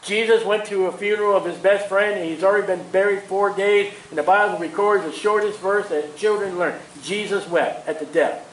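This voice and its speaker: A man preaching a sermon in an animated way, chuckling at his own asides. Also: sits high, fairly quick, echoey room, a little hiss or hum, low-quality recording.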